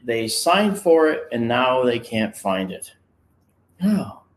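Animated man telling a story, roomy sound. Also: medium pitch, slow pace. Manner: animated storyteller, acts out quoted voices. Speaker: guest recounting a personal experience. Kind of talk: casual storytelling. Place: on location, indoors.

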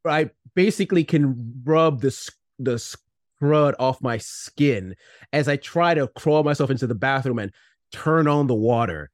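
A man's voice: mid-range voice, unhurried, no room sound, clean studio sound. A man playing a tabletop game, rambling as he narrates his character's actions in the first person. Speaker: player.

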